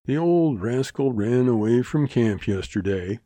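Man playing a sly young cowboy, drawling, folksy, mock-mournful, dark husky voice. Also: mid-range voice, expressive, unhurried, no room sound. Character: young Texas cowboy, sly and smooth-talking.

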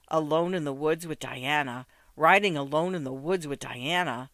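A man reads a literary story with measured, rhythmic phrasing, his smooth, resonant voice sitting slightly high. The sound is close and dry, with no room around it. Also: pushed and bright, no room sound. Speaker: narrator. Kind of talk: scripted narration of a literary story.

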